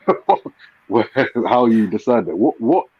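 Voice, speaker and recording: An English man in a casual chat, hesitant and repeating his words, with a lively tone. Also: lowish voice, a little slow, slightly rough. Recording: tinny dry phone-like line.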